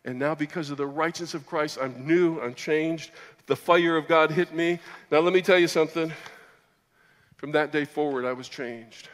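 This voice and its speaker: A man preaching his personal testimony as a sermon, moving between loud excited bursts and low, quiet storytelling. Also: moderate pace. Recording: long hall reverb.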